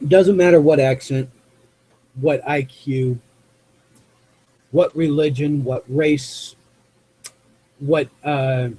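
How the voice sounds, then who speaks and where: A man from the US West Coast hosting a live call-in show, talking off the cuff in a rambling, halting way as he searches for words. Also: fairly high pitch, steady tone, warm tone, low-quality recording. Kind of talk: unscripted monologue to chat viewers.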